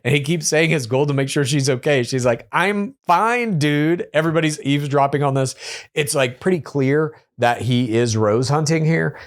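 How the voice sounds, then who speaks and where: A man hosting a casual reality show recap, chatty and opinionated, with quick asides. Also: medium pitch. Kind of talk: casual episode recap commentary.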